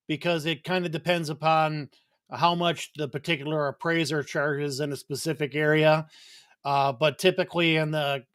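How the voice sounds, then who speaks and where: A man speaking as a guest, explaining in a measured way with some hesitant fillers. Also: on the high side, fairly bright tone, clear, resonant tone, dry recording, studio quality. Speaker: loan officer guest. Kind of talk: casual explanatory answers.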